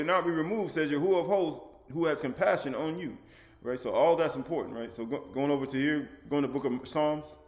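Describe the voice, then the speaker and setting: A man's voice: on the high side, roomy sound. A man teaching a sermon, with rising emphasis, rhetorical questions and casual speech, acting out quoted speakers. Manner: colloquial, acts out quoted speakers.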